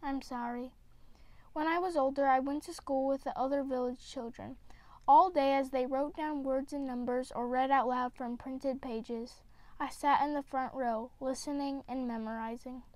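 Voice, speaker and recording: A woman reading a children's picture book aloud, with gentle, expressive storytelling. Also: sits high, normal speed, no room sound. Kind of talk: read-aloud storybook narration.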